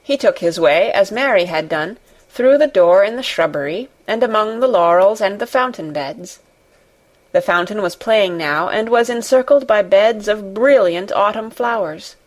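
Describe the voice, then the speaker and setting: A woman's voice: medium pitch, animated, moderate pace. Woman narrating a classic novel. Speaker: audiobook reader. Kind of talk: scripted narration.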